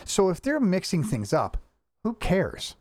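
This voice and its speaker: A man's voice: high-pitched, unhurried, no room sound. Chatty host guy, voice jumps all over, dry close sound, keeps restarting his sentences. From United States. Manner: animated, rambling with many restarts and fillers. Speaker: podcast host. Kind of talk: casual chat.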